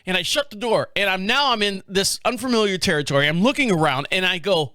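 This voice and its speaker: A man's voice: sits high, fast, hardly any pauses, bright, forceful tone, no echo, studio quality. A man telling a rambling, profane story in a casual chat, acting out the dialogue as he goes. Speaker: podcast host.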